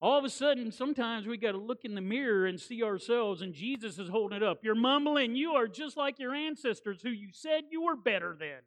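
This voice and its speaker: A woman delivers a sermon as guest preacher, with a high-pitched voice. She is animated and hammers points home through repetition. Folksy, conversational asides break up the preaching. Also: a little fast, hardly any pauses.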